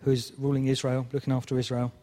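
Animated male preacher in a reverberant hall. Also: medium pitch, fast talker. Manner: animated storytelling, mock exasperation. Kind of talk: sermon.

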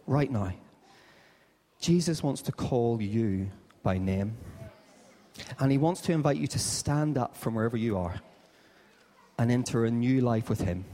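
Man preaching in a reverberant hall. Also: lowish voice. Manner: animated storyteller, acts out dialogue. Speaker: pastor. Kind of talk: Easter sermon with storytelling.

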